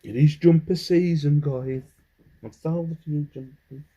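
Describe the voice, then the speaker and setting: A man's voice: a little high, fairly even intonation, a little slow, mellow, lo-fi sound. An English man in a casual haul vlog, rambling as he goes through his finds and humming to himself between items. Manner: rambling, hums while sorting items. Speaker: clothing reseller.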